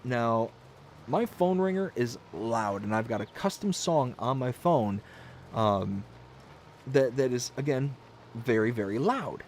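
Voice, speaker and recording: A man's voice: mid-range voice, lively intonation, takes it slowly, a little hiss or hum. A man hosting a livestream, telling rambling stories and reading viewer comments aloud in a casual way. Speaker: livestream host.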